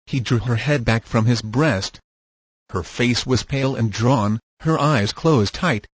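Husky male audiobook narrator. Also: mid-range voice, no echo, poor audio. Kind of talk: scripted narration.

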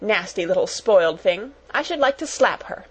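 A woman's voice: mid-range voice, animated, normal speed, slightly rough, rough recording. A woman reading aloud, voicing a spiteful, bossy schoolgirl who speaks with a sneer. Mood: scornful. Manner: sneering, scornful.

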